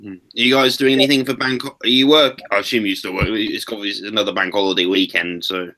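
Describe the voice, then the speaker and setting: A man's voice: fairly low pitch, steady tone, fast, bright, forceful tone. A man chatting casually on an online group call, easygoing and asking friendly questions. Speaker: live chat co-host.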